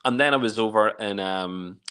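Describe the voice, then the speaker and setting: A man's voice: lowish voice, normal speed, fairly bright tone, clean tone. A man chatting casually, blunt and jokey, with some swearing. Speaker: podcast co-host. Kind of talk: casual chat.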